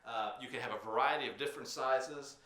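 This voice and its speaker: A man teaching percussion technique, explaining patiently with frequent filler pauses while demonstrating drums. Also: mid-range voice, bright, forceful tone. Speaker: percussion instructor. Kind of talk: instructional demonstration. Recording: echoey room with drum sounds.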